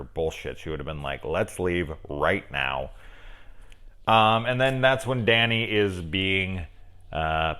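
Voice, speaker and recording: A middle-aged man giving a casual, profane film review, animated and acting out lines as he goes. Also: a bass voice.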